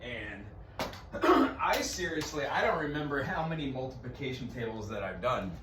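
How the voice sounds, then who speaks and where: A man's voice: medium pitch, sing-song, normal speed, background noise. A man teaching a one-on-one music lesson, explaining patiently and counting beats aloud.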